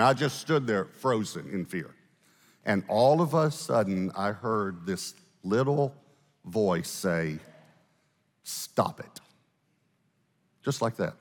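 A man preaching a storytelling sermon, animated, with fast asides and slow dramatic pauses. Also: lowish voice. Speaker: pastor. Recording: echoey hall, live sermon.

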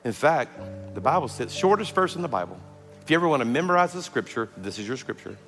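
A man, preaching a sermon as pastor, telling stories that move from loud and animated to hushed and tender. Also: medium pitch, fast. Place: large church hall. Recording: long hall reverb with faint music.

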